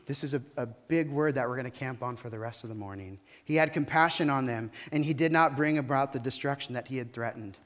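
A male pastor giving a sermon, animated, rising and falling in volume and calling on the congregation to respond. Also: mid-range voice, brisk, few pauses, big-room sound.

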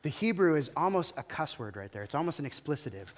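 A man's voice: a little high, sing-song, quick pace, hardly any pauses, big-room sound. A man preaching a sermon as a pastor, retelling a story in a conversational, dramatic way.

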